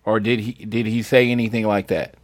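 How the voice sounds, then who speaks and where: A man co-hosting a casual wrestling podcast, speaking earnestly and in halting bursts. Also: lowish voice, flat delivery, no room sound, studio quality. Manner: earnest, halting, with many restarts. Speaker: podcast co-host.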